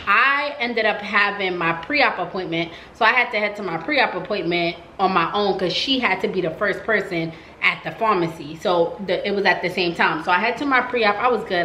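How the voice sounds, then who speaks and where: Woman vlogger doing a chatty storytime, bright punchy voice, echoey room. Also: mid-range voice, slight background noise. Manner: chatty, animated, heavy use of "like". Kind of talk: casual storytime.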